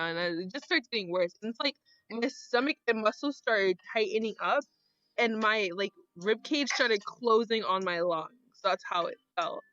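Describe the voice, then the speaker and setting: A young woman telling a personal story in casual chat, animated and swearing, acting out the voices of the people she quotes. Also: on the high side, no room sound, lo-fi sound.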